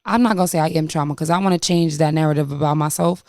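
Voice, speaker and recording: A young woman hosting a casual chat, animated and slangy, swearing freely. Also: deep voice, very fast, no echo, studio quality. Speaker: podcast host.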